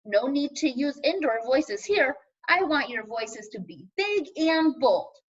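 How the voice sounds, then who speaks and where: A woman's voice: high-pitched, very animated, unhurried, muffled recording. A woman voicing a cheerful drama camp teacher who gives upbeat instructions in a storybook read-aloud.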